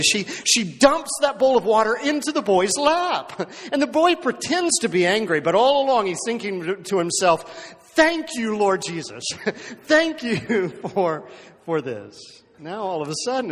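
A man's voice: high voice, a bit bright. A man preaching a sermon in a conversational storytelling way, often checking in with the listeners and repeating words as he goes. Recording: long hall reverb.

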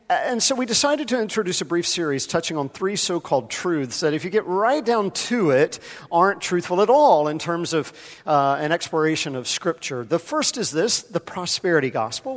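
Conversational pastor with a ringing hall sound. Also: male voice, a little high. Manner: conversational, addresses congregation members by name. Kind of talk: sermon. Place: church sanctuary. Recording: long hall reverb.

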